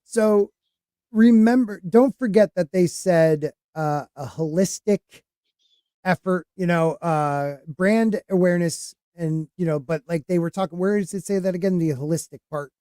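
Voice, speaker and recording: A man hosting a casual podcast, rambling and halting, full of fillers and restarts. His voice sits a bit high for a man yet sounds mellow and dark. The sound is dry and close. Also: clear, resonant tone, dry recording. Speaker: podcast host.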